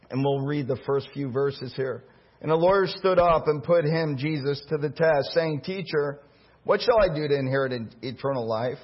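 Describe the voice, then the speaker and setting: A man's voice: fairly high pitch, slightly rough, lo-fi sound. A man preaching a sermon as pastor and leading a prayer, earnest and emotional, rising in intensity. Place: church.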